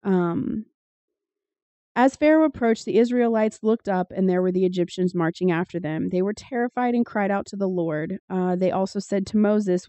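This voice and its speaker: A woman's voice: mid-range voice, normal speed, warm tone, no room sound. A woman co-hosting a casual podcast, reading scripture aloud and adding sardonic, profane commentary. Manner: sardonic, swears freely, reads passages aloud with commentary. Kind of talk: casual irreverent chat.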